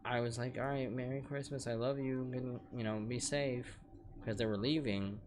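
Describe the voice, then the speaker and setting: A man's voice: medium pitch, steady tone, normal speed, noisy background. A young man streaming a game from home at night, rambling and venting in casual chat with plenty of swearing.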